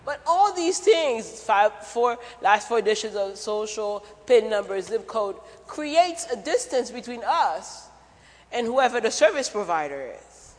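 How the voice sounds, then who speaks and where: A man's voice: sits high, sing-song, a little slow. A man preaching a sermon in a church, conversational and jokey, asking the congregation questions. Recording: church hall reverb.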